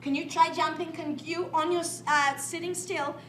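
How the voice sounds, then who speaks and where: A woman telling an interactive story to children in a library, animated and playful, adding sound effects. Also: very high-pitched, moderate pace, a little hiss or hum. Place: library room. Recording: echoey room.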